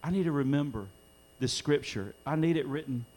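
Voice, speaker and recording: A man's voice: fairly high pitch, brisk, a little mellow. A middle-aged man preaching a sermon in a church, earnest, his voice swelling when he quotes scripture. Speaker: pastor. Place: church sanctuary during a live-streamed service.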